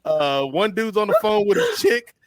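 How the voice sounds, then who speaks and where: A man co-hosting a podcast, telling stories in an animated, slangy way. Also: high voice, moderate pace, dry recording. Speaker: podcast co-host. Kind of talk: casual storytelling chat.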